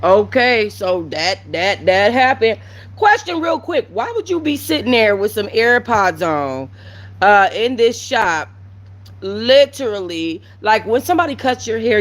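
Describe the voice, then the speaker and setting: Sassy woman doing commentary. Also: medium pitch. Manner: blunt, sassy, talking straight to viewers. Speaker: commentary channel host. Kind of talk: casual commentary.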